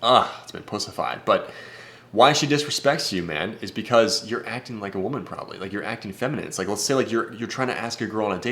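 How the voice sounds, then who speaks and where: Brash deep-voiced man giving advice. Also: fast talker, fairly bright tone. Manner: brash, profane, blunt. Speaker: dating coach. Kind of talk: casual vlog advice talk.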